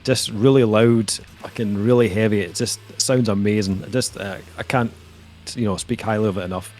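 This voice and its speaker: A man with a somewhat low voice hosting a casual review podcast. He talks in a measured way, filling pauses with ums and uhs, with faint music underneath. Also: fairly even intonation, darkish tone. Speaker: podcast host.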